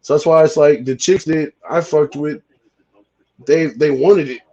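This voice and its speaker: A man's voice: on the high side, steady tone, unhurried, warm tone, dull audio. A man chatting casually as host, cursing often and stammering through repeated words. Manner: profane, stammering, repeats himself. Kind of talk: casual chat.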